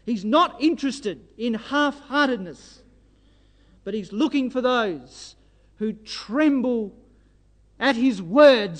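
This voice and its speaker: A man delivers a sermon in an unusually high voice. He preaches with fervour and drives his points home with rhetorical questions. A long hall reverb trails after every phrase. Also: a bit bright. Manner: fervent, exhorting, rhetorical questions.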